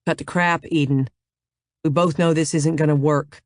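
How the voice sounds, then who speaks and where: Brief: irritated man, curt and blunt, low register, read by a female narrator, audiobook. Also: fairly even intonation, moderate pace, darkish tone, dry recording, clean studio sound, lightly acted.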